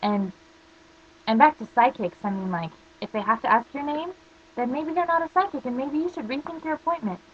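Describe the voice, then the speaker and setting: Rambling teenage girl, husky lo-fi voice. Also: sits high, fairly quick. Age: teens. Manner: rambling storytelling, constant "like" fillers. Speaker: vlogger. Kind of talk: casual rant to camera.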